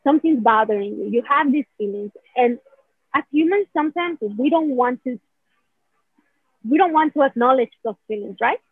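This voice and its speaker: A woman's voice: sits high, lively intonation, normal speed, breathy edge, no room sound. A woman explaining a healing technique in casual conversation, rambling, saying "right?" a lot and acting out feelings in quoted asides. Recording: dry, phone-like narrow sound.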